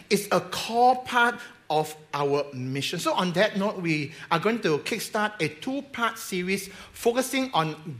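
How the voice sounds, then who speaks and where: A man preaching a sermon to his congregation, energetic, repeating words and calling for responses. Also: high-pitched. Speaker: pastor. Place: church hall.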